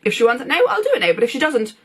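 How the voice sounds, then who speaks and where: A woman's voice: very animated, very fast, breathy edge. Chatty young woman vlogging. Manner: chatty, filler-heavy, acts out quotes with big pitch jumps. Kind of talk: casual chat to camera.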